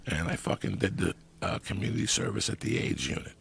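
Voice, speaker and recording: A middle-aged man telling stories in casual podcast talk, profane and animated. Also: on the low side, fairly quick, gravelly, husky. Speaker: guest storyteller.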